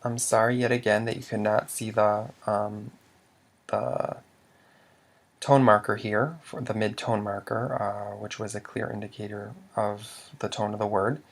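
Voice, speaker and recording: A man teaching tone rules step by step, with a methodical manner, saying each example word louder than the rest. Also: on the low side, little pitch movement, creaky. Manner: slow and methodical, says Lao example words louder. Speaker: language teacher. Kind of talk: screen-recorded tutorial explanation.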